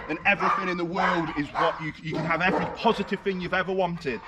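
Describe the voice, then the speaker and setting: A British man working as a dog trainer, explaining his methods while giving firm short commands and high praise to a dog outdoors. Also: fairly even intonation, quick pace, hardly any pauses. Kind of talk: outdoor training demonstration with commentary. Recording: distant outdoor mic with heavy noise.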